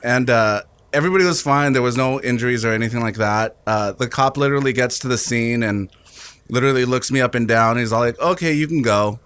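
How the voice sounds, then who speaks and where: A man's voice: medium pitch, fast, a bit bright, smooth, no room sound. Mild, self-deprecating man. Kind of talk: casual storytelling chat.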